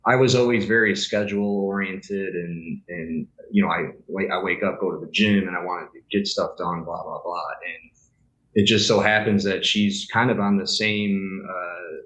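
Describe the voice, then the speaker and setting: A man's voice: deep voice, fairly even intonation, moderate pace, a bit bright, reverberant, low-quality recording. A man chatting as a podcast guest, rambling and hesitant with lots of fillers. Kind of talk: casual podcast chat.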